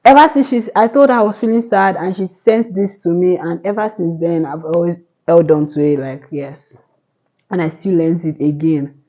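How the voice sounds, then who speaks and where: A woman's voice: on the low side, steady tone, normal speed, warm tone, muffled recording. A young woman in her twenties giving earnest motivational advice to camera, rambling with restarts. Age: 20s. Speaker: vlogger. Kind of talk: casual motivational talk to camera.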